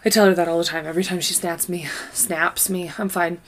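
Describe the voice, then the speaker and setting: A woman's voice: fairly low pitch, fairly even intonation, fairly quick, slight background noise. A woman in her late twenties from the Midwest, co-hosting a podcast in casual chat, laughing often and swearing casually. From Midwest US, Kansas. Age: 20s. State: pregnant. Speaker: podcast co-host.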